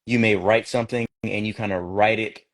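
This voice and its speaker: A man's voice: fairly low pitch, fairly even intonation, a little fast. A man speaking as a guest poet in a casual interview, reflective and conversational, often restarting his sentences.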